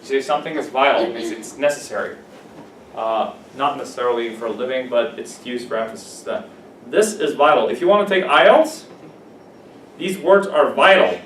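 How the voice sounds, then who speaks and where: A man's voice: mid-range voice, normal speed. A man teaching an English vocabulary lesson to a class, explaining words, repeating them and checking that students follow. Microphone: camera at a distance. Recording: echoey classroom from far off with faint hiss.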